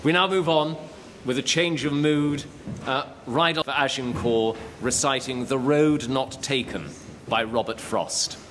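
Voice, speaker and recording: A man's voice: medium pitch, a little slow, noisy background. A man hosting a live school competition in a theatre, giving brief, formal introductions of each performer. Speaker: competition host. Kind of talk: announcing performers at a live event.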